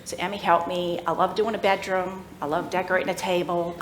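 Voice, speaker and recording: A middle-aged woman telling a personal faith story at a church workshop, animated and laughing as she acts out the voices of people in the story. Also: fairly low pitch, a little fast, crowd noise. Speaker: workshop speaker. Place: church room. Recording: echoey room with faint ambience.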